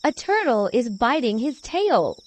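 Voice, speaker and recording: Slow, clear storybook-reading woman. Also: on the high side, very animated, a little hiss or hum. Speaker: preschool teacher reading aloud. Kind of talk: children's read-along.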